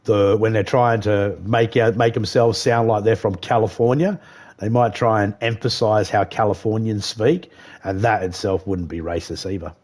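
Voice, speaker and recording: A man's voice: on the low side, steady tone, normal speed, a little mellow. A man live streaming a game, chatting casually in a rambling, profane way that circles back over his points. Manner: rambling, profane, repeats himself. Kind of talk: casual chat while gaming.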